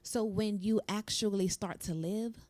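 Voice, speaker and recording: An earnest, reflective woman guest explains her writing at length on a talk show. Her voice is mid-pitched and recorded dry and close. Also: fairly even intonation, measured pace, darkish tone, no room sound. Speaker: guest author. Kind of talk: casual chat.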